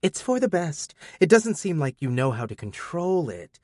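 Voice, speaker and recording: A man's voice: a little high, big pitch swings, normal speed, a little mellow, dry recording, clean studio sound, pitched above the performer's own voice. A man voicing a frightened young woman in an audiobook, speaking frantically and urgently. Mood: frantic.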